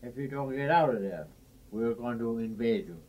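A man's voice: mid-range voice, animated, moderate pace, distant mic, highs cut off, natural voice. A man voicing a cheeky Irish drinker in a joke, boastful and sly, at an informal house session.

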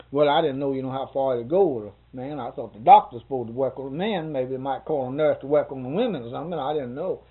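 A man's voice: mid-range voice, fast, breathy edge. A man, telling a long, rambling story about a doctor's visit with chuckles and quoted dialogue. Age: 60s. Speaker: interviewee. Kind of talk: casual storytelling. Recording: tinny phone-like recording.

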